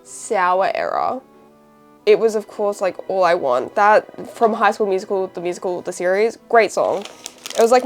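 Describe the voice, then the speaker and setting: A young Australian woman in casual, rambling chat as a vlogger, wrapping presents while she talks. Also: mid-range voice.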